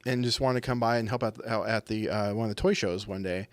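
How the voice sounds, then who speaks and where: A man's voice: on the low side, fairly even intonation, fast, clear, resonant tone, no room sound. A man in casual podcast chat, telling a rambling story and acting out the voices of people he quotes. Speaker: podcast guest.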